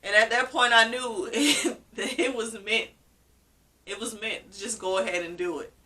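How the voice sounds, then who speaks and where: A woman's voice: on the high side, fairly even intonation, normal speed, bright, forceful tone, far from the mic. A woman vlogger telling a personal story in a casual, emotional way, often repeating herself. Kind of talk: casual story-time vlog.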